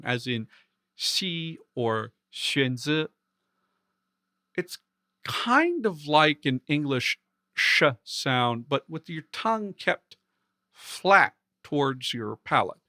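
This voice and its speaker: A man's voice: mid-range voice, pushed and bright. A man hosting a language video, patiently explaining and demonstrating sounds. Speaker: conlang video host. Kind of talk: explanatory pronunciation lesson.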